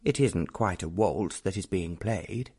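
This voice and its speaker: A tall, charming young gentleman speaks with gentle, teasing mischief, as a man voices him in an audiobook. His tone is warm and mellow. A light husky grain runs through his voice. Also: low voice, unhurried. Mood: playful.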